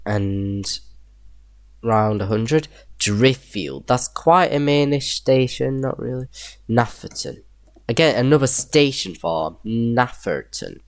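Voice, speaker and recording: In a dry recording, a young Yorkshire man with a voice on the low side provides casual commentary for his gameplay video. He thinks aloud while laying out a train map, occasionally chuckling to himself.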